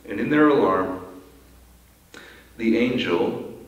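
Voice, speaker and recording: A man's voice: lowish voice, lively intonation, slow pace, muffled recording. Man preaching in an echoey church. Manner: earnest, repeats words when starting sentences. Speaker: pastor. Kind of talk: sermon. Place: church sanctuary. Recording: very echoey church hall, mic from far off.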